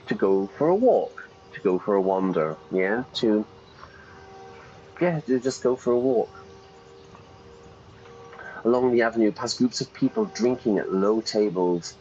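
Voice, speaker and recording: A man's voice: fairly low pitch, darkish tone, highs cut off. A man teaching English while reading a game's story text aloud, playfully stopping to explain words and correct himself. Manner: playful, pauses to gloss vocabulary and self-correct. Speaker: English teacher streaming a game.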